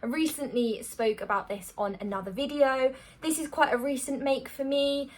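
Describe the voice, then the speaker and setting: A woman's voice: sits high, normal speed. Chatty young-sounding woman vlogger. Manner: chatty, self-deprecating, rambling. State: a little out of breath. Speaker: sewing vlogger. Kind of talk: casual chat to camera.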